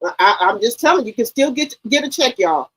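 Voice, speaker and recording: A woman hosting a live stream in casual chat. Her voice sits high, and she tells stories in an animated, laughing way, swearing freely. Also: fast talker, breathy edge, rough recording. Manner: animated, laughing, profane storytelling.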